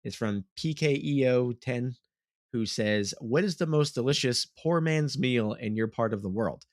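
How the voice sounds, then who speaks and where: A man hosts a casual podcast, rambling through questions and restarting his sentences. His pitch sits in the middle range. The sound is dry and close. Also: a little slow, dry recording. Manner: rambling, full of fillers and restarts. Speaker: podcast host. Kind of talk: casual chat.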